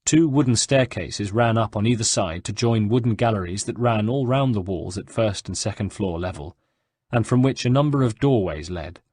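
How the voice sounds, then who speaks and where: Man, audiobook narration, measured, low voice, dry studio. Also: expressive, darkish tone, slightly rough, no room sound. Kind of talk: scripted narration.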